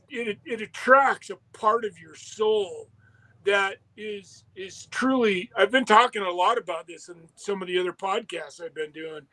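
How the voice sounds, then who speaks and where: Earnest, rambling man with a high voice. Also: sharp tone, low-quality recording. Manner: rambling, earnest, many restarts. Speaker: podcast guest. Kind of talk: casual talk.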